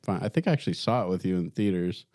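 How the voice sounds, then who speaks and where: A man's voice: deep voice, lively intonation, very fast, dark tone, dry recording, clean studio sound. A man co-hosting a casual podcast, hesitant and stumbling through his opinions. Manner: hesitant with restarts. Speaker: podcast co-host. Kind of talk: casual chat.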